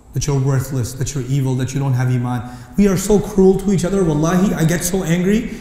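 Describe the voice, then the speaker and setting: A man preaching a sermon, passionate and rising to near-shouting when indignant. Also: a little high. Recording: echoey hall with long reverb.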